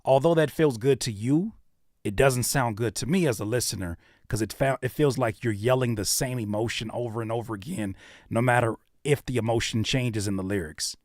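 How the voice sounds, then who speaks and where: A man's voice: medium pitch, brisk, darkish tone, no echo, clean studio sound. A man hosting a livestream, giving blunt, coaching critiques of submitted songs. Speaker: music reviewer and livestream host.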